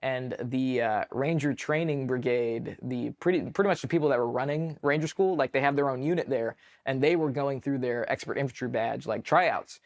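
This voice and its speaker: Male veteran guest from California: casual, filler-heavy, animated, swears freely. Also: medium pitch, normal speed, few pauses. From California, USA. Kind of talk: casual storytelling.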